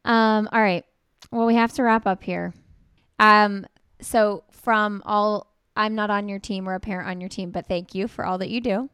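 Female podcast host, smooth clear voice, dry close sound, chatty and affirming. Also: medium pitch, fairly even intonation, moderate pace, a bit bright, no room sound. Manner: conversational, affirming. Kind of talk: casual interview chat.

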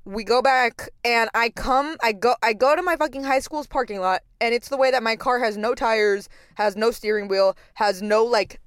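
A woman's voice: fairly high pitch, no echo, clean studio sound. A young adult woman hosting a podcast in a casual, rambling monologue, full of profanity and fillers, and telling stories expressively. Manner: expressive storyteller. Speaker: podcast host.

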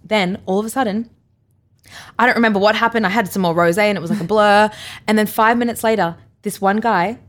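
A young Australian woman co-hosting a podcast, telling a story in casual chat and acting out quotes with big leaps in pitch and frequent laughs. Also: a little fast. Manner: animated, acts out quotes with big jumps in pitch, laughs often. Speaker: podcast co-host.

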